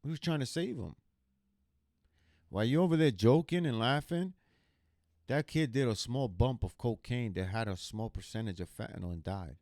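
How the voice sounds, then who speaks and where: A man's voice: mid-range voice, moderate pace, darkish tone, dry recording, studio quality. A man hosting a reaction video, commenting casually and telling a story, checking in with viewers with "okay?". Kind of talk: casual commentary over footage.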